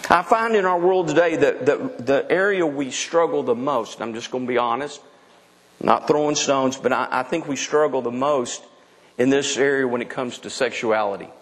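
A man's voice: mid-range voice, moderate pace, fairly bright tone, long reverb tail. A middle-aged man preaching a sermon in a frank, emphatic way, often restarting his sentences. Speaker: pastor.

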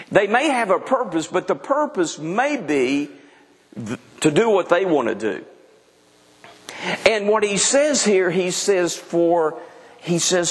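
A man's voice: sits high, big-room sound. A middle-aged man preaching a sermon in a frank, emphatic way, often restarting his sentences. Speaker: pastor.

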